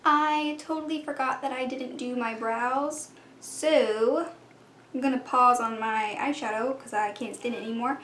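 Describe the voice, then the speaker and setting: A young woman with a high, bright-pitched voice talks her way through a makeup routine, chatty and step by step, now and then dropping into a whispered aside. She is recorded in an echoey room at home, with a faint hum underneath. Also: fairly even intonation, a little slow. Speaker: beauty vlogger. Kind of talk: casual makeup tutorial chat.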